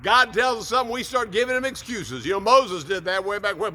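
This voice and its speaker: Upbeat male preacher, folksy devotional host, high and bright. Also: fairly quick, hardly any pauses. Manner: upbeat, folksy, repeats words. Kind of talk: short devotional talk.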